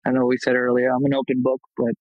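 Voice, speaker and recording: A man in his thirties, a martial arts instructor, telling his life story openly in a casual podcast interview, animated when he retells scenes. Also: medium pitch, fast talker, no echo, narrow, tinny audio.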